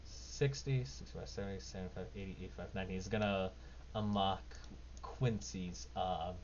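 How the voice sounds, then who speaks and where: Low-voiced casual game master. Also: male voice, moderate pace, darkish tone. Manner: casual, rambling, with many fillers. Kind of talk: narrating a tabletop game. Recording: dull lo-fi mic with faint noise.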